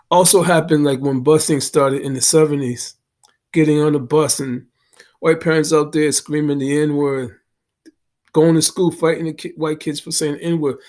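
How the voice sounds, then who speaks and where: A man in his sixties from Boston talks straight to the camera. His voice sits a little high, and he speaks in an earnest, emphatic way, repeating himself for stress. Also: darkish tone. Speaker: vlogger. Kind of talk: casual storytelling monologue.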